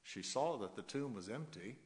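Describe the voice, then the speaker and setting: A man preaching a sermon as pastor, emphatic and rhythmic, with soft chuckles now and then. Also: medium pitch, lively intonation, normal speed, in a large hall. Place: church sanctuary.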